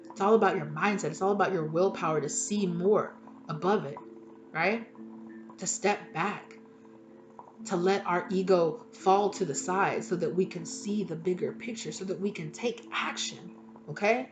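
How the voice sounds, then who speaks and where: A woman's voice: lowish voice, normal speed, over music. A woman giving a casual tarot reading to her viewers. She talks chattily, swears freely and laughs at herself. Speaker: tarot reader.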